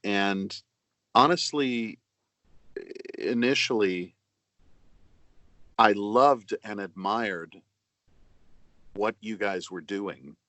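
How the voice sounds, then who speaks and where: Middle-aged man, low voice, dry close sound; earnest, measured interview guest on a video call. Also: a bit bright, no echo. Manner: earnest, measured, with many pauses and fillers. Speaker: actor and audiobook narrator, interview guest. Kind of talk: reflective interview answers.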